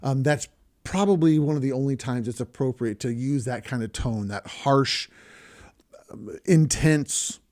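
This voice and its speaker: A man's voice: mid-range voice, a little slow, a little mellow. A man hosting a podcast, talking earnestly and emphatically, repeating words to stress his points. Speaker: podcast host. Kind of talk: podcast talk.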